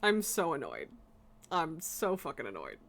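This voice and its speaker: A woman's voice: sits low, wildly swooping pitch, measured pace, creaky, a bit bright. A young woman streaming a game, ranting in exasperation and laughing between swears. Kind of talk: casual live-stream rant while gaming.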